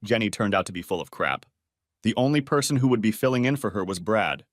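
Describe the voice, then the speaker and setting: A man reading a first-person story aloud as a channel narrator, in a steady, even manner. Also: fairly low pitch, quick pace, dry recording, studio quality.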